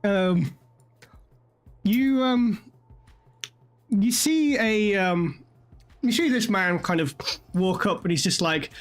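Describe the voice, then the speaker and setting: A woman's voice: mid-range voice, lively intonation, takes it slowly, pauses often. Woman GM, laid-back narration, swears freely, lots of ums. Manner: casual, swearing, filler-heavy. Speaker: game master. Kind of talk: narrating a tabletop game.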